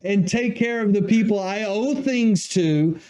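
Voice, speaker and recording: High-voiced guy hosting a live stream interview, chatty and friendly. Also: measured pace, a loud crowd. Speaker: host.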